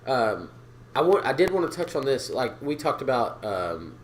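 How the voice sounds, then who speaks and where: A man on a casual podcast, ranting with a lively, swooping delivery and swearing a lot. He acts out the people he quotes. A faint hiss of noise sits under his voice. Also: mid-range voice, moderate pace. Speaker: podcast co-host. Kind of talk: casual profane chat.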